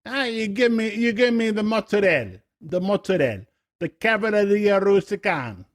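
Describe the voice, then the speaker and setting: A man's voice: high-pitched, animated, normal speed, voice pushed up. A man voicing an exaggerated Italian-American character in an over-the-top mock accent with stretched vowels. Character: exaggerated Italian-American guy, loud, hammy.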